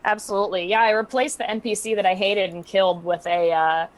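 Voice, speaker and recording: A woman's voice: mid-range voice, steady tone, a little fast. A young woman, a guest dungeon master, in casual chat, bubbly and giggly with lots of fillers.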